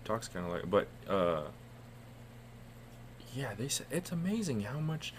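A man from the United States co-hosts a casual podcast, telling rambling, profane stories. His mid-range voice swings widely in pitch, he talks a little slowly, and there's slight background noise.

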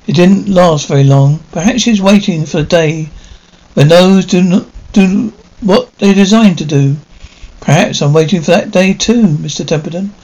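A weary old stage star. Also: male voice, high voice, a little mellow, low-quality recording. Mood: weary, melancholy. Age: older. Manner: wistful, theatrical, measured. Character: aging male stage star, weary, melancholy, grieving. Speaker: aging stage actor. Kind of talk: 1950s television drama. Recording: faint hiss of an old TV soundtrack.

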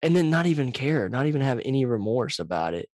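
A man hosting a casual podcast over a video call, telling stories in an animated, profane way, very close to his microphone. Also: medium pitch, quick pace, dry recording. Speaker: podcast host. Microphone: too close to the microphone, loud.

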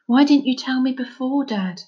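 An eager, lonely young boy from a storybook, voiced by a woman reading aloud, asking questions in a raised, pleading voice. Her voice lifts well above her usual reading pitch for him. The recording sounds slightly dull and lo-fi. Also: moderate pace, darkish tone, natural voice.

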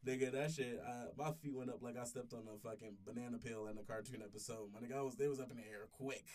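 A man's voice: mid-range voice, fairly even intonation, quick pace, a little mellow, distant mic. A man in his twenties telling a long story in casual chat, rambling and swearing, with many restarts. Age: 20s. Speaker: podcast storyteller. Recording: voice sits back from the mic.

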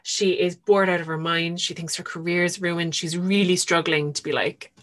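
A woman's voice: on the low side, steady tone, normal speed. A woman co-hosting a podcast, retelling a book in a chatty, enthusiastic way with lots of fillers. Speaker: podcast co-host. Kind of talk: casual book chat.

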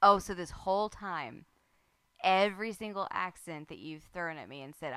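A woman's voice: lowish voice, expressive, moderate pace, a bit bright, clean tone, no room sound. A woman co-hosting a podcast, teasing her co-host with laughter and swearing in casual chat.

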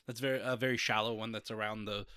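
A man's voice: lowish voice, level tone, fast talker, sharp tone, clear, resonant tone, no room sound. A man co-hosting a casual movie recap podcast, rambling and laughing as he retells scenes. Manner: rambling, laughs often, restarts. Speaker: podcast co-host.

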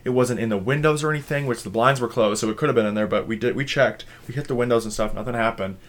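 A man's voice: medium pitch, quick pace. A young man from Minnesota, a podcast co-host, telling a rambling story in casual chat, swearing freely and using many fillers.

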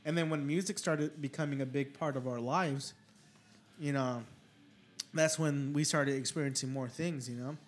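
A man's voice: mid-range voice, fairly even intonation, moderate pace, soft background music. A young man hosting a casual podcast, telling rowdy stories full of swearing. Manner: loose, profane storytelling, swears constantly. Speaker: podcast host. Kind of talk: casual chat.

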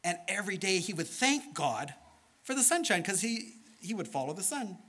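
A man telling a children's sermon story in an animated, playful way, with sound effects and questions to his listeners. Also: sits high, normal speed, breathy edge.

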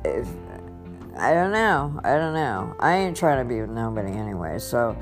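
A young woman rambling candidly in a personal vlog, halting and restarting as she talks about her faith and habits. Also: rumbling low, sing-song. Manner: rambling, halting, self-interrupting. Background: soft guitar music.

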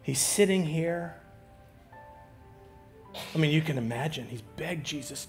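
A pastor preaching a sermon, swinging from loud emphatic lines to hushed near-whispers, with halting restarts. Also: male voice, a little high, faint music behind.

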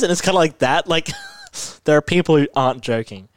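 A man in casual chat, retelling a TV episode in a rambling, animated way, full of "like" and restarts. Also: on the high side, brisk, dry recording.

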